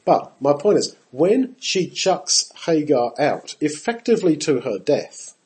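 A man's voice: a little high, measured pace, rough recording. A man teaching the Bible in a conversational sermon. He talks straight to his listeners and acts out the quotes he reads. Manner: animated, acts out quotes with shifting voice, talks to his audience directly. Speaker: preacher.

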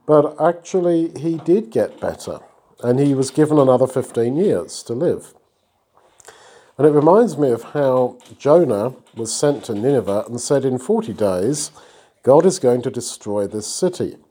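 Informally reading and teaching from the Bible, a man explains a passage conversationally and stops to compliment a listener. He speaks in a warm, animated mid-range voice at a measured pace.

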